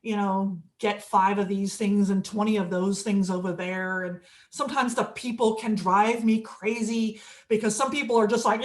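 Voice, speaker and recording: A woman's voice: mid-range voice, steady tone, moderate pace, hardly any pauses. A woman minister giving a conversational sermon, telling stories and acting out quotes. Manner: conversational storytelling with acted quotes.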